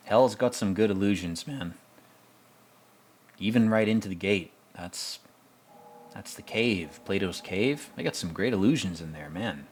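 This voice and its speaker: A man's voice: lowish voice, measured pace, husky. A man hosting a podcast, giving casual, rambling, blunt movie commentary with plenty of fillers and swearing. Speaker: podcast host.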